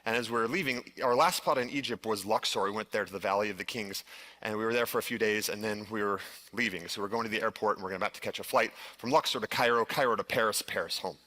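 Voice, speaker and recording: Speaking to a live audience from a conference stage, this middle-aged man has a fairly low, bright, forceful voice and talks fast. He earnestly recounts a personal story, full of restarts and filler words.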